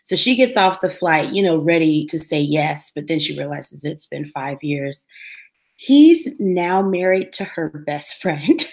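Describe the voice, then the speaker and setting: A woman co-hosting a casual talk show, retelling a TV episode in an animated way and acting out the characters' lines. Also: low-pitched, a little slow. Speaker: co-host recapping a TV episode. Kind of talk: casual chat.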